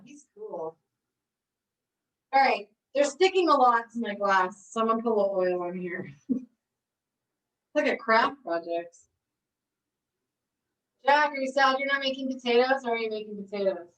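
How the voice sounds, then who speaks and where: This recreation therapy cooking instructor runs a live online class, cheerfully guiding her students step by step and laughing a lot. She sounds a little high and fairly bright, recorded from a distance with low quality.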